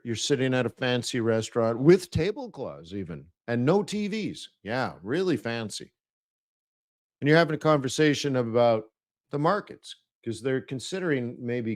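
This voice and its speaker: Man, mid-range voice, live webinar host, playful, chatty, does mock voices. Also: medium pitch. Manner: chatty, laughs at his own jokes.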